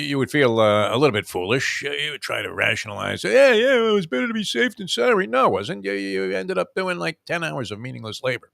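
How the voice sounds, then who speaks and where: An older man hosting a morning radio show, telling rambling stories with lots of "uh" fillers and shouting out quoted lines. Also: fairly low pitch, creaky, dry recording. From South Florida resident for over forty years. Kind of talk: casual morning radio chat.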